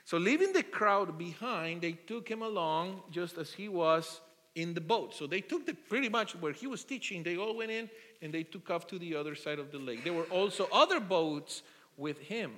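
A man preaching a sermon, telling the story in an animated way, asking the congregation questions and often restarting his sentences. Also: high-pitched. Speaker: pastor. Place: church hall. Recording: long hall reverb.

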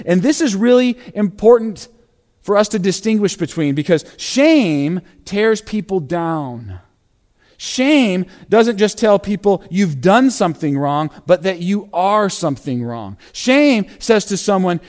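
High-voiced emphatic preaching pastor. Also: male voice, animated, darkish tone. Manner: emphatic preaching with dramatic slowdowns and bursts of intensity; reads scripture aloud. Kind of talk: sermon.

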